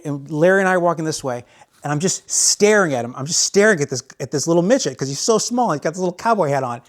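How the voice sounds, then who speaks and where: A man with a fairly high-pitched voice tells a personal story in a loose, chatty way. He rambles, backtracks and corrects himself as he goes. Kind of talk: casual anecdote.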